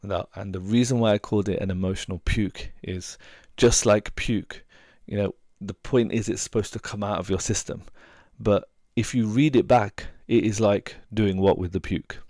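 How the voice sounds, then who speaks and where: Man, very low gravelly voice, dry close sound; earnest coach who repeats himself for emphasis. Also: steady tone, normal speed, hardly any pauses, darkish tone, dry recording. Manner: earnest, repeats words for emphasis, many restarts. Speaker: relationship coach and hypnotherapist. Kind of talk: advice talk to camera.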